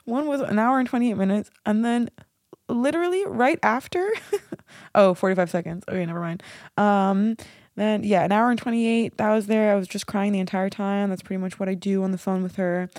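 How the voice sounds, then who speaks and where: A woman's voice: medium pitch, moderate pace, darkish tone, dry recording. Woman, podcast host, candid casual monologue, frank and self-mocking, swears freely, mid-range voice, dry close sound.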